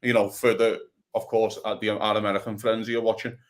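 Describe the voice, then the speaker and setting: A man's voice: fairly low pitch, little pitch movement, brisk. A man from Liverpool with a Scouse accent, co-hosting a casual football chat and talking passionately, with swearing along the way. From Liverpool, England. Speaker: podcast co-host.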